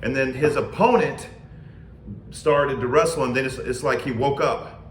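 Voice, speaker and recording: A man in his thirties co-hosting a family podcast and coaching youth wrestling, telling stories in a steady, earnest way. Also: mid-range voice, normal speed, reverberant, slight background noise. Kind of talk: casual chat.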